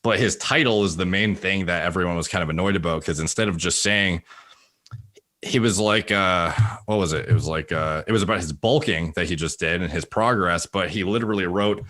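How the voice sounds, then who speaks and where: A man with a low voice and a forceful, bright edge, chatting as a podcast guest. He talks loosely, circling through fillers and restarts as he explains. His stays light and close to American. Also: brisk. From Canada. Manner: rambling, with many filler likes and restarts. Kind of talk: casual conversation.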